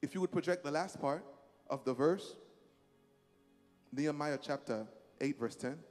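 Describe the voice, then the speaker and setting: A man's voice: on the high side, moderate pace, a little mellow, big-room sound, faint music behind. A man preaching a sermon to a church congregation, emphatic and repetitive, leading the crowd in call-and-response.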